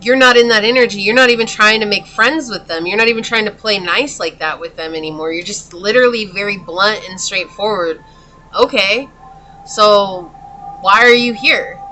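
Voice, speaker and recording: A woman's voice: mid-range voice, moderate pace, pushed and bright, a little hiss or hum, low-quality recording. A woman giving a tarot reading in a chatty, casual way, talking straight to the viewer and laughing often. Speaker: tarot reader.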